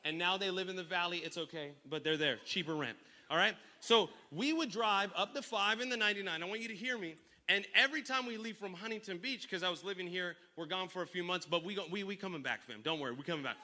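A young adult man preaching a lively sermon in a church, telling playful stories and calling for responses from the congregation, with sudden loud bursts. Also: sits high, fast. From Northern California. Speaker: pastor. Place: church sanctuary.

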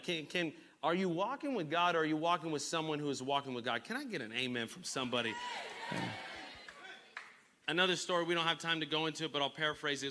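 A man preaching a sermon with a bright, cutting voice pitched a little high. He drives call-and-response with the crowd, dropping low and quiet, then rising to shouts. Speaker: pastor.

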